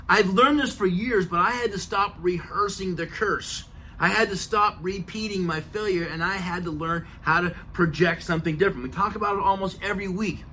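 A man's voice: high voice, pushed and bright, slight background noise. A middle-aged man hosting a motivational podcast, earnest and emphatic, repeating key phrases for effect. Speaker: podcast host. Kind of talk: motivational talk.

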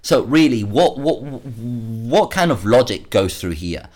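A man's voice: medium pitch, expressive, takes it slowly, darkish tone. A man hosting a solo commentary podcast, worked up and sarcastic, often repeating words as he rants. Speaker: podcast host.

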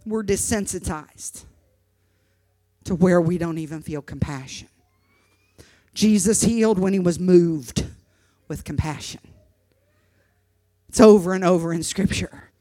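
A woman preacher telling a personal story in a sermon, impassioned, moving from hushed narration to shouting and often repeating words. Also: on the low side, unhurried, pauses often, no room sound. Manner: repeats words when stirred.

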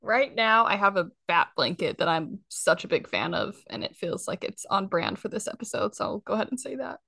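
A woman hosting a casual podcast chat, playful and animated, often laughing. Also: mid-range voice, brisk, creaky, dry recording, clean studio sound. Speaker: podcast host.

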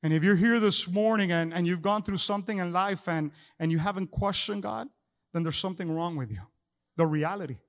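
A middle-aged man preaching a sermon as pastor, often repeating words as he talks. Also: high voice. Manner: halting with many repeated words. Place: church hall. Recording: long echo of a large hall.

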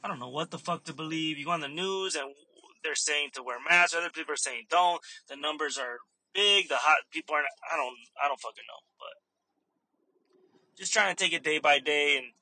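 Bright-voiced young man ranting profanely. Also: fairly high pitch, brisk, dry recording, low-quality recording. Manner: profane, animated storytelling. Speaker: stand-up comedian. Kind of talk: casual vlog rant.

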